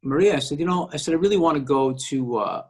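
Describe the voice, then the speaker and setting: Higher-voiced man telling a story. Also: fast, slightly rough. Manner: animated storyteller acting out quoted voices. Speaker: actor, guest. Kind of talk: casual storytelling.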